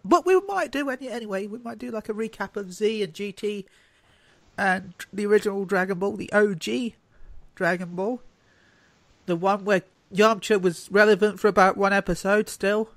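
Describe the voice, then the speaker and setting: A man's voice: sits high, no echo. A man hosting a casual podcast chat, rambling and joking loosely. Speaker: podcast host.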